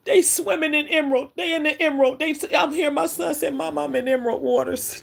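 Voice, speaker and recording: A middle-aged woman gives an emotional, halting spiritual message on a livestream, often calling her viewers "collective.". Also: sits high, steady tone, vocal fry. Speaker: spiritual reader.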